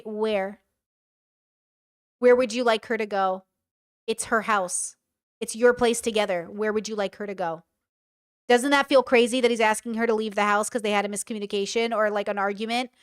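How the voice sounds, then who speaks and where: A young woman reacting live to a video for her stream chat, blunt and animated, swearing freely as she talks it through. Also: on the high side, normal speed, pauses often, clear, resonant tone. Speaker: commentary streamer.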